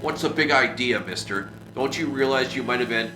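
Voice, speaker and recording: A man's voice: on the low side, steady tone, normal speed, noisy background, lightly acted. A man reading the lines of a young male inventor who speaks plainly and directly. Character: young male inventor, quick and level-headed. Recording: roomy echo with music behind.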